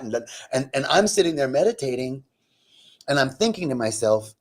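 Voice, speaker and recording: Animated, joking man giving a spiritual talk. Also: medium pitch, fast. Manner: animated, self-deprecating humor; conversational, lots of "right?" asides. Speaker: spiritual teacher. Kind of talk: spiritual talk with personal story.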